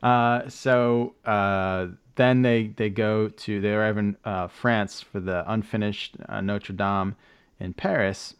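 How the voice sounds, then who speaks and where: A man's voice: on the low side, fairly even intonation, slow pace, smooth. A man hosting a podcast, casually recapping with lots of fillers, restarts and joking asides. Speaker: podcast host. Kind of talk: casual chat.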